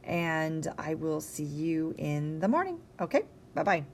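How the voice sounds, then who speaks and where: A tired young woman teacher talks through a recorded science lecture in a casual, chatty way. Her voice sits a little low, and she keeps checking in with her listeners. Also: sing-song, a little slow, slight background noise. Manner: casual, conversational, with many ums and rhetorical "okay?". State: tired, yawning.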